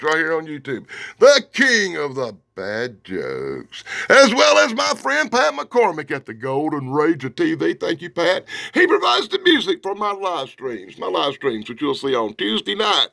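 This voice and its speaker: Male comic reviewer, high gravelly voice, sarcastic and animated, dry close sound. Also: dry recording. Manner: animated, sarcastic, swings from loud to mumbling. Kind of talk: casual comic book review.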